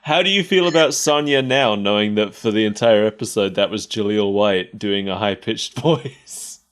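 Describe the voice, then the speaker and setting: A man's voice: fairly low pitch, normal speed, fairly bright tone. A man co-hosting a podcast, chatting casually and laughing often between wry asides. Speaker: podcast co-host. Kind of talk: casual chat.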